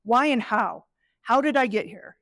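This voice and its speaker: A middle-aged woman presenting a live workshop, animated and conversational, acting out inner voices as she teaches. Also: on the high side, normal speed, no echo. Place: event space with an audience.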